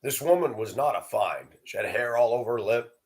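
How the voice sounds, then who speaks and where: A man's voice: mid-range voice, animated, a little fast. A man telling a sarcastic, profane story as a ranting monologue to camera. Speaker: vlogger.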